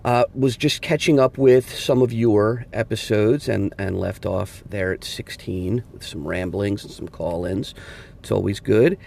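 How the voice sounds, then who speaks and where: A man's voice: fairly low pitch, unhurried, vocal fry, darkish tone, a little hiss or hum. A man leaving a casual, enthusiastic voicemail call-in to a podcast. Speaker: caller.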